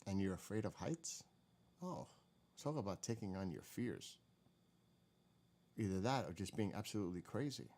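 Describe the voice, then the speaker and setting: A man's voice: sits low, lively intonation, moderate pace, long pauses, a little mellow. A man hosting a live stream, chatting casually and candidly as he reacts to old clips. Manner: rambling, candid, swears now and then.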